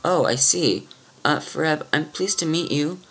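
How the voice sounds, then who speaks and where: A man's voice: on the high side, measured pace, vocal fry, fairly bright tone, voice pushed up, full character voice. A man voicing a shy, timid young female knight who stammers and hesitates.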